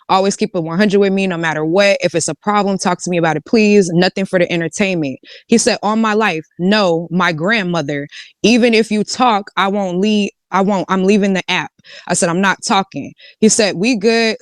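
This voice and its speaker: A woman's voice: mid-range voice, clean tone, no echo, studio quality. A woman live streamer casually reading out text messages, slangy and candid.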